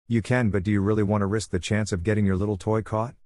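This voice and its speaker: A man voicing a cocky, sarcastic feral male mutant mercenary in a fan story reading, low-pitched and dry. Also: flat delivery, fast talker, darkish tone, no room sound, natural voice. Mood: mocking. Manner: sarcastic, lazy drawl.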